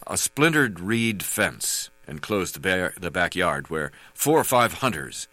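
A man reading his memoir aloud as narrator, halting with frequent fillers. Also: deep voice, big pitch swings, pushed and bright, no echo.

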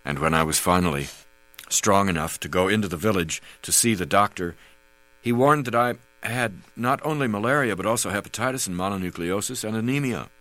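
A man reading a memoir aloud as an audiobook narrator, calm and measured. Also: on the low side, no echo, low-quality recording. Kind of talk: scripted narration.

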